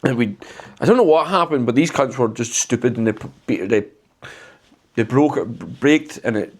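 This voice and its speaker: Lively young man bantering. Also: mid-range voice. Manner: lively, teasing, quick to laugh. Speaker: podcast co-host. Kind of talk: casual banter chat.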